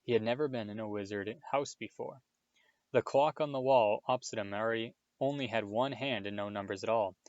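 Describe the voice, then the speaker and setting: A man narrating a children's story aloud, in a steady read-aloud manner, on a dull, lo-fi recording. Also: lowish voice, a little fast, no room sound. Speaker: audiobook reader.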